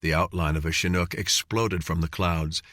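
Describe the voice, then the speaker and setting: A man narrating an audiobook in an even, measured reading. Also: low-pitched, no echo, clean studio sound. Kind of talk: scripted narration.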